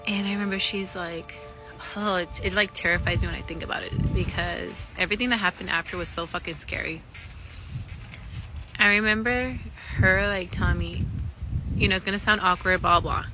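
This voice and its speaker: A woman in a casual storytime vlog, candidly and profanely retelling an eerie experience in an animated way. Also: mid-range voice, normal speed, over music, poor audio.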